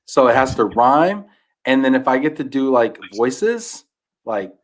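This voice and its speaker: A podcast guest with a medium-pitched voice and measured pace animatedly retells a children's book in casual conversation. His voice often trails off into a mumble.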